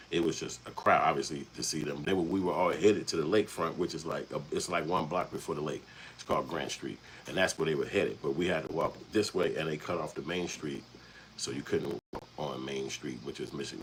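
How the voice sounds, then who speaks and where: A man's voice: very deep voice, fairly quick, a bit bright, slight background noise, poor audio. A man from Chicago's South Side, hosting his channel and telling a rambling, profane story in casual street talk. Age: adult, past young adulthood. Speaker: channel host.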